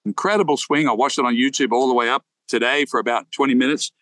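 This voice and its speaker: A man's voice: medium pitch, fast, fairly bright tone, dry recording, rough recording. A man co-hosting a golf podcast, chatting casually in a playful, storytelling way with frequent restarts. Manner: storytelling, playful, self-interrupting. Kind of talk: casual chat.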